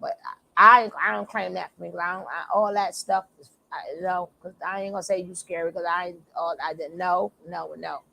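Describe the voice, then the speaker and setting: A woman hosting a reaction channel, talking loudly and animatedly in casual commentary, laughing and repeating her phrases. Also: fairly low pitch, fairly even intonation, normal speed, gravelly, a little hiss or hum.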